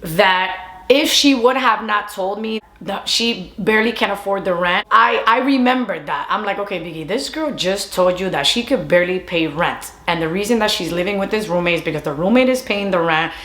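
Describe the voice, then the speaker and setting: Woman, storytime vlogger, animated retelling, mid-pitched voice, echoey room. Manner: animated, quick retelling with quoted dialogue. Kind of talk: casual storytime monologue.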